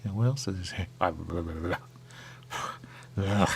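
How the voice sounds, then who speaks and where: A man's voice: deep voice, normal speed, creaky, darkish tone, a little hiss or hum. A man hosting a radio show, rambling and musing aloud in casual chat.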